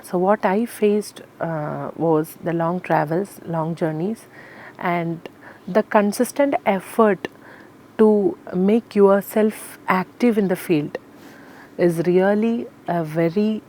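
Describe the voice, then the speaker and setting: Woman, classical singer being interviewed; low-set voice, halting and sincere. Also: a little mellow, a little hiss or hum. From Kerala, India. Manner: earnest, explanatory, many fillers. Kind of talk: interview answers.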